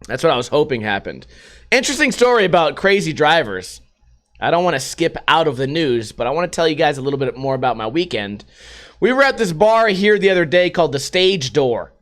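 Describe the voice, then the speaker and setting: A man's voice: a little high, fairly quick. A man hosting a casual podcast, swearing freely and acting out the people in his stories as he reads and riffs on news items. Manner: profane, animated retelling with acted-out quotes. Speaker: podcast host. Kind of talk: casual storytelling and news commentary.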